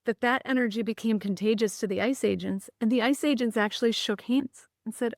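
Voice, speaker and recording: A woman's voice: on the high side, fairly quick, gravelly, dry recording, studio quality. A woman, a podcast guest earnestly recounting stories with frequent restarts. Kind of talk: conversational storytelling.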